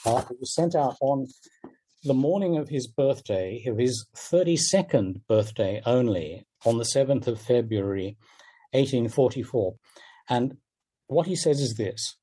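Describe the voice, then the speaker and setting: An older man, a literary critic, speaking in a radio interview with emphatic, animated delivery and wide swings in pitch. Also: a little slow, husky.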